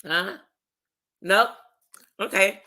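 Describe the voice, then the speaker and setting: Bright-voiced emphatic livestream preacher. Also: mid-range voice. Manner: keeps asking "huh?" to the audience, slangy and emphatic; reads documents aloud slowly with asides. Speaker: religious commentator. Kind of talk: casual livestream preaching and reading aloud.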